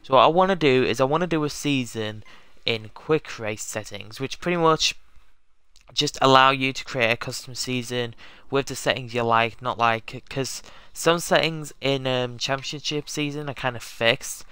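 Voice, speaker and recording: Bright, clear-voiced male game streamer. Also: mid-range voice, normal speed, no room sound. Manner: rambling, self-correcting, talks to viewers. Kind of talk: casual live-stream chat.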